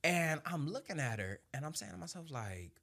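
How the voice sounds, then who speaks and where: A young adult man, a Marine sergeant, telling his own story as a guest in casual conversation. He swears freely, laughs through his anecdotes, and drops low and quiet when he turns reflective. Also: very animated, normal speed, vocal fry.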